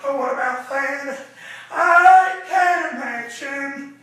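A man preaching, chanting his sermon in bursts, with a sharp "uh" breath before each phrase. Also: very high voice, steady tone, slow pace. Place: church sanctuary. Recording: echoey church from far off.

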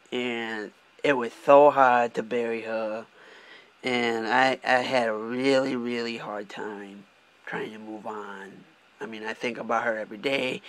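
A man's voice: on the low side, creaky, a bit bright. A young man from Michigan talking candidly in a casual vlog, swearing often and restarting his sentences as he drives. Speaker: vlogger. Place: car, driving.

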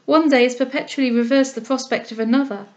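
A woman reading a novel aloud, voicing a kind, composed young heiress who speaks in a gentle, measured way. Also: sits high, fairly even intonation, highs cut off, voice pushed up, lightly acted. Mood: gentle, earnest.

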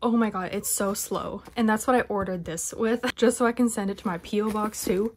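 A young woman vlogging a haul of collector albums, chatting casually and gushing like an excited fan with whispered asides. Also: mid-range voice, fairly quick, slight background noise. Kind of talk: casual unboxing haul vlog.

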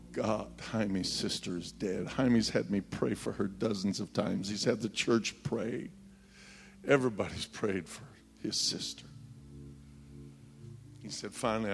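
Give me a pastor, preaching slowly and storytelling in a sermon. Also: male voice, lowish voice, gravelly. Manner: tells a story with quoted voices, then builds to loud shouted pleading.

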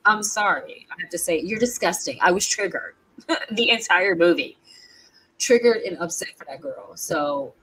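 A young woman giving a casual, animated movie-review rant, laughing often. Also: lowish voice, moderate pace, husky, poor audio. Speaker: video creator reviewing movies. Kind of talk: casual ranting review vlog.

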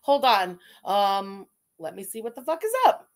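A woman's voice: medium pitch, lively intonation, measured pace. A woman with a Canadian accent hosting a casual commentary stream, blunt and sarcastic, swearing freely as she reads out super chats.

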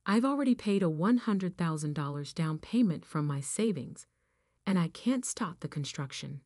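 A woman's voice: fairly low pitch, lively intonation, normal speed, a little mellow, no echo, studio quality. A woman voicing a remorseful older mother-in-law who apologizes and begs. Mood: pleading. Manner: apologetic, begging.

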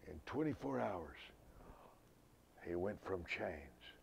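A man preaching a sermon, swinging from loud outbursts to hushed whispers. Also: low-pitched, very animated, slow pace, vocal fry, slight background noise.

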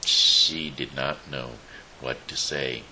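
A man hosting his show, reading a fairy tale aloud slowly, with small slips and restarts. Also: a bass voice, steady tone, bright, forceful tone, a little hiss or hum, low-quality recording. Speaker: show host reading a story. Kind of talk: storybook reading.

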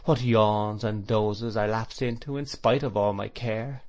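A man narrating a classic novel as an audiobook, in a measured, reflective, expressive reading voice. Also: fairly low pitch. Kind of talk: scripted literary narration.

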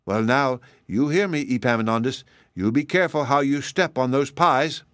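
A man's voice: medium pitch, moderate pace, a bit bright, clean tone, no echo, clean studio sound, close to an everyday voice. A man voicing a scolding mother who is exasperated with her foolish little boy, in a storybook reading. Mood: instructing. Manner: exasperated, scolding, repeats the boy's name.

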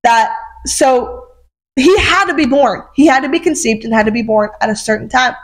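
Young woman minister, high voice, earnest emotional testimony, sermon storytelling, chatty fillers. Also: moderate pace.

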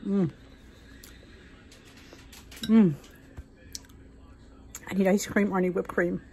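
Her voice is warm, steady, and medium-pitched, and she takes her time. Over poor audio, the American home cook rambles cheerfully while guiding viewers through a recipe in a casual demonstration.

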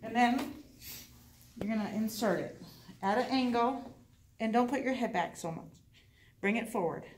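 A woman teaching a hands-on dental class, chatty and encouraging with quick asides. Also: fairly high pitch, a little hiss or hum. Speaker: dental assisting instructor. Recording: echoey room, voice from far off.

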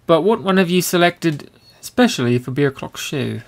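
A man's voice: on the high side, lively intonation, normal speed, vocal fry. A man co-hosting a casual podcast, steering the talk along and teasing with jokes. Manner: jokey, teasing. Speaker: podcast co-host. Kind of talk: casual chat.

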